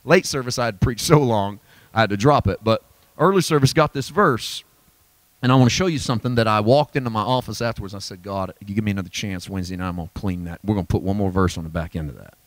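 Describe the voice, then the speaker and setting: A middle-aged man preaching a sermon in a church, swinging from shouted, high-pitched peaks to low, quiet reflection. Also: fast, no room sound. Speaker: pastor.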